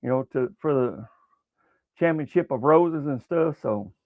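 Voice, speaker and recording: A man's voice: mid-range voice, measured pace, no room sound. A man with a Southern American accent hosting a casual sports livestream, rambling in a folksy way with many fillers as he talks to his chat. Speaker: sports show host. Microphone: webcam livestream setup. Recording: tinny phone-like sound.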